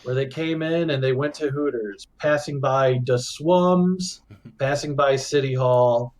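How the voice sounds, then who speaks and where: A man's voice: mid-range voice, a little slow, a little mellow. A man acting as game master, recapping a tabletop game in a rambling way with frequent laughter.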